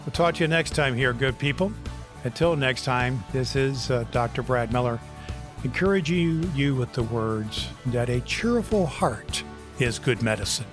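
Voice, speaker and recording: A man's voice: medium pitch, lively intonation, moderate pace, over music. A man hosting a podcast, giving earnest, motivational encouragement and telling a joke. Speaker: podcast host.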